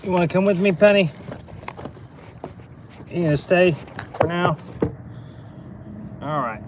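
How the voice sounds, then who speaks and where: A man's voice: sits high, fairly even intonation, moderate pace, noisy background. A man in his thirties chatting casually outdoors while fixing a fence, rambling and telling corny jokes between chores, recorded on a phone. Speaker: livestreaming farmer.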